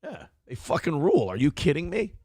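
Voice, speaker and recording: High, gravelly man mocking clips. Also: big pitch swings, fairly quick, a little mellow, dry recording, clean studio sound. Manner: crude, mocking, laughs often. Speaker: host. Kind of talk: casual commentary on video clips.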